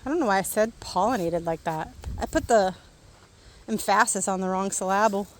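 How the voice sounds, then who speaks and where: A woman chatting casually and excitedly while showing her backyard garden plants outdoors. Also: mid-range voice, normal speed. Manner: chatty and excitable, laughs easily. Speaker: gardening vlogger.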